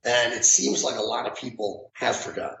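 A middle-aged man with a gravelly voice tells his memories in a halting way, restarting and repeating words. The sound is echoey. Faint background noise sits under it. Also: mid-range voice, level tone, fairly bright tone. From New York. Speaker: retired firefighter guest. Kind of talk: emotional interview recollection.

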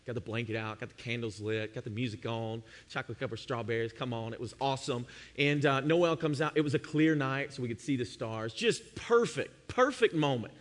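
A young adult man preaching a sermon, telling a funny personal story and acting out his own past self with animated delivery. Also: mid-range voice, fairly quick, hardly any pauses. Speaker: pastor. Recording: long hall reverb.

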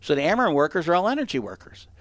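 A man telling a story in casual chat as a host, animated and acting out the quotes, with frequent laughs. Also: a little high, racing, no echo.

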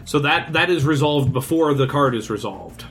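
A man's voice: on the high side, animated, moderate pace, fairly bright tone, soft background music. A man running a tabletop card game, narrating the action cinematically and laughing often. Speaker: game master.

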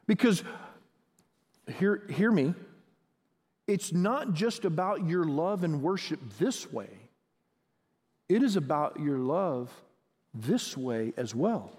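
A man's voice: high-pitched, a little mellow. A male pastor preaching a sermon in a conversational style, asking his listeners questions and building in intensity. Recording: long reverb of a large hall.

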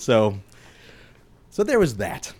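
A man co-hosting a casual comics podcast, sharing news in a relaxed way. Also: medium pitch, takes it slowly, breathy edge, no echo. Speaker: podcast co-host. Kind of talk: casual chat.

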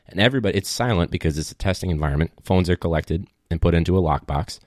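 A man's voice: deep voice, quick pace, darkish tone, dry recording, clean studio sound. A man who teaches at a public school, talking casually and rambling through a story with plenty of asides. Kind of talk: casual monologue.

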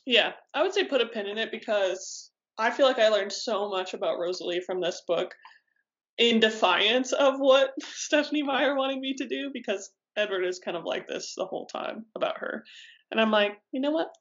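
A woman's voice: a little high, normal speed, a bit bright. Woman cohost asking about a book, dry wry tone, dull muffled mic. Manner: wry, leading the discussion with questions. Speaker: podcast co-host. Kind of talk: casual book discussion.

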